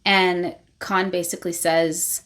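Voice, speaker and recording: A woman's voice: on the low side, level tone, takes it slowly, a bit bright. A woman hosting her own channel, giving a casual spoken recap of a novel and retelling scenes loosely with plenty of fillers. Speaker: book reviewer, channel host.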